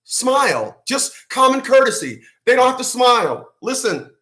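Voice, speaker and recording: A man hosting his own channel, ranting to viewers in loud, slangy, profane commentary and laughing often. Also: extremely high pitch, big pitch swings, moderate pace, roomy sound. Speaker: channel host.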